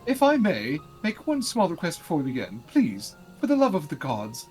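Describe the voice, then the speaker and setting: A man's voice: fairly high pitch, huge pitch swings, normal speed, darkish tone, soft background music, voice pushed up. A man voicing a pompous, anxious male scholar, reading game dialogue aloud with a fussy, pleading manner.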